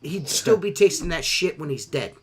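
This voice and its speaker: A man hosting a podcast, telling stories in a profane, animated casual chat. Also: a little high, normal speed. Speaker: podcast host.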